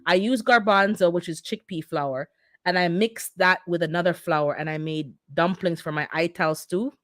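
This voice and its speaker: A woman's voice: on the low side, normal speed, a bit bright, dry recording. Chatty woman hosting a livestream, close and dry. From immigrant to North America. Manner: chatty, talks back to viewers' comments. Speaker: livestream host reading the chat. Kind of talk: casual livestream chat.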